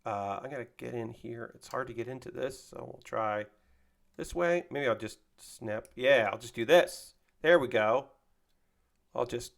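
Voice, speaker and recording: A man's voice: on the high side, fairly bright tone. Chatty man rambling while building. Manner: rambling, chatty, swears casually, reads chat aloud. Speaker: streamer. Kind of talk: casual chat while building a model kit.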